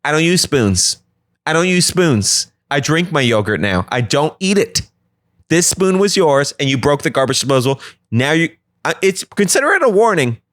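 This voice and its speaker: A man voicing a scheming suburban wife who makes calm, matter-of-fact threats. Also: fairly high pitch, moderate pace, voice pushed up. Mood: menacing.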